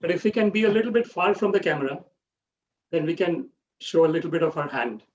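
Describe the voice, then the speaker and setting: A man's voice: fairly high pitch, expressive, fast talker, a little hiss or hum. A man leading an online public speaking workshop, explaining step by step and often checking in with "right?". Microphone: video call. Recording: dull lo-fi video call audio.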